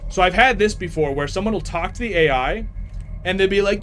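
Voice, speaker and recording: A male streamer giving casual gaming commentary, telling animated stories and laughing often. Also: high-pitched, a little fast, faint music behind.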